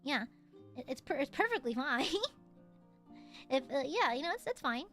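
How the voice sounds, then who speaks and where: A woman's voice: sits high, big pitch swings, normal speed, fairly bright tone, faint music behind. A woman streamer chatting casually with viewers, giggly and playful with lots of fillers.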